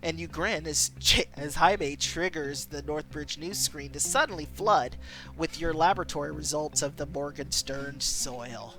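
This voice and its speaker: A woman streamer reading a story game aloud in chatty, animated narration. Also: sits low, a little slow, faint music behind.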